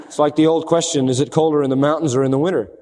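Guy preaching, high voice, asks his own questions then hits back with the answer, long reverb hall. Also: steady tone, rapid-fire, warm tone. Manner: emphatic, rhetorical questions and answers. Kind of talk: sermon.

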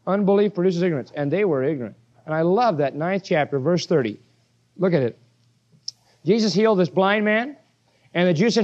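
A man's voice: sits high, lively intonation, brisk, long pauses, a little mellow, dull audio. A man preaching a sermon verse by verse, emphatic and full of rhetorical questions.

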